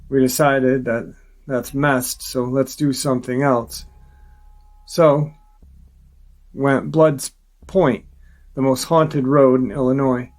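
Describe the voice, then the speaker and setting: A man hosting a story channel, reading a viewer's first-person encounter account in a calm, steady way. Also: medium pitch.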